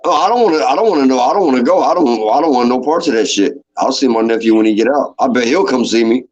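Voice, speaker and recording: A man's voice: medium pitch, fast talker, a little mellow. A man on a podcast, chatting casually and swearing a lot as he mock-scolds a friend. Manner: profane, mock-outraged ribbing. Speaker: podcast co-host. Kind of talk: casual chat. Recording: dull lo-fi stream audio.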